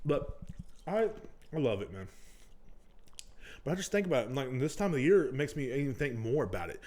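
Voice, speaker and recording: A man's voice: mid-range voice, very animated, fairly quick, a little mellow. A man hosting his own podcast, talking bluntly in a casual monologue full of swearing. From United States. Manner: blunt, ranting, heavy swearing. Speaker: podcast host. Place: at home indoors.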